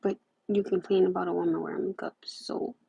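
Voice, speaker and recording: A woman's voice: fairly low pitch, flat delivery, brisk, vocal fry, dark tone, breathy edge, dry recording. A young woman hosting a casual livestream, rambling and repeating herself as she talks. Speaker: livestream host. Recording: muffled lo-fi livestream audio.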